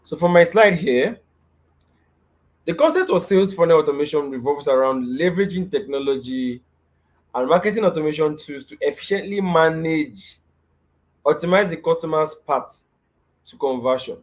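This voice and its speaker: A man's voice: a little high, expressive, normal speed. A young man with a Nigerian accent teaching a live webinar over a video call, repeating key phrases and often checking in with "right?". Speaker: webinar speaker.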